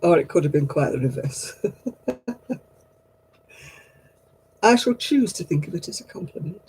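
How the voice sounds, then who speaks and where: A woman's voice: lowish voice, animated, measured pace, darkish tone, husky, low-quality recording. A woman hosting a livestream craft night, who chats casually, tells stories and laughs at herself often. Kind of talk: casual chat.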